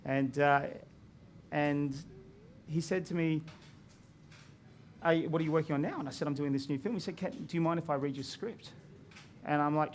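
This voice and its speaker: Chatty man with a gravelly voice. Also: fairly high pitch, fairly quick, slight background noise. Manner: chatty storytelling with laughs. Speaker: filmmaker. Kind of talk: casual talk at a screening.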